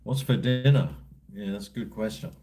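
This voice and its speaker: A man's voice: lowish voice, normal speed, warm tone. A middle-aged Australian man chatting casually on a livestream, rambling and slangy with a drawling voice. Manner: laid-back, rambling, slangy. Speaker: livestream host. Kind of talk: casual livestream chat reading comments.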